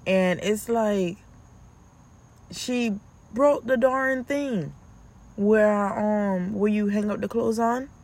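A woman, a mother of two, telling stories about her children in a casual vlog, animated and acting out her own yelling, with a lilt. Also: mid-range voice, takes it slowly, pauses often, a little hiss or hum.

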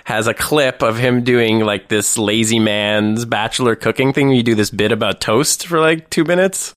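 Man hosting in a dry, relaxed voice. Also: medium pitch, moderate pace, no room sound. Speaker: podcast host. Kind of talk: casual podcast chat.

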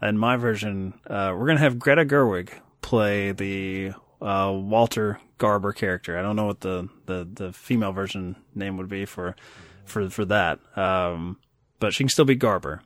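A man's voice: lowish voice, moderate pace, fairly bright tone, no echo. A man in his thirties co-hosting a casual movie chat, rambling and self-deprecating, laughing often. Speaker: podcast co-host.

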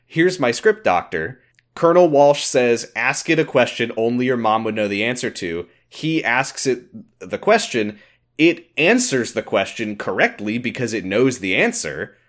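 A man's voice: medium pitch, big pitch swings, moderate pace, fairly bright tone. An American man co-hosting a casual podcast chat, acting out scenes in put-on voices. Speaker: podcast co-host.

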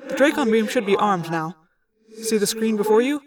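A woman's voice: medium pitch, animated, moderate pace, crowd noise, close to an everyday voice. A woman voicing a formal, polite male alien cadet pilot who speaks stiffly and tersely.

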